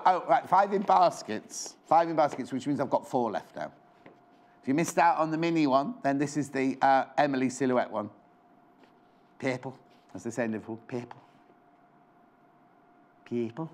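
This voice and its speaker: A medium-pitched male presenter speaks over slight background noise while hosting a live TV shopping segment in a studio. He rambles conversationally, counts down the stock, and corrects himself mid-pitch.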